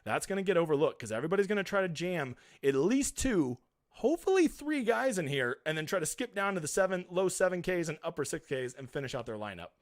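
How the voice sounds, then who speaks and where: A man's voice: fairly high pitch, sing-song, quick pace, dry recording, clean studio sound. A man hosting a casual live stream, reading viewer comments aloud and answering them in a chatty, blunt, emphatic way.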